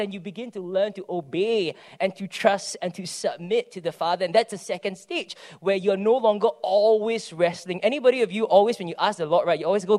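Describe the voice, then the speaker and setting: High-voiced pastor preaching. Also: male voice, brisk, few pauses. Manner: conversational, animated storytelling with frequent "right?". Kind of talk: sermon.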